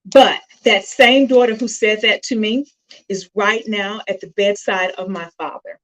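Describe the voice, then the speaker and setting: A woman's voice: medium pitch, fairly even intonation, unhurried, fairly bright tone, poor audio. A middle-aged woman hosting a live stream on her phone, speaking with emotion and choking up at times as she addresses her viewers directly. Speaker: host of a self-help live stream. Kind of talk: heartfelt live-stream talk.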